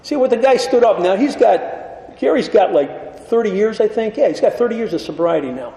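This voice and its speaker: High-voiced man telling a wry story. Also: lively intonation, a little fast, creaky, dark tone. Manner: wry, self-mocking storyteller who acts out dialogue. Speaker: recovery meeting speaker. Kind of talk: storytelling share at a recovery meeting. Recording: echoey hall with faint ambience.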